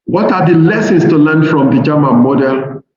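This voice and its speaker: Nigerian professor lecturing in an echoey hall. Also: male voice, fairly high pitch, expressive, darkish tone. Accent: Nigerian English. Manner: measured, deliberate, slows to stress key points. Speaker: professor giving a seminar lecture. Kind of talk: academic lecture reading from slides. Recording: very echoey hall, dull lo-fi sound, faint noise.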